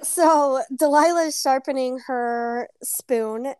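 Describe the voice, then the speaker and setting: A woman's voice: sits high, slow, warm tone, clean tone, dry recording, studio quality. A woman co-hosting a casual book club podcast, retelling scenes and acting out the lines. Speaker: podcast co-host.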